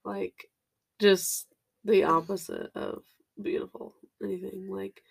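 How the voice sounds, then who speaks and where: A young adult woman co-hosting a podcast in casual chat. She is animated and giggly and swears freely. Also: medium pitch, slow, creaky, breathy edge. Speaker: podcast co-host.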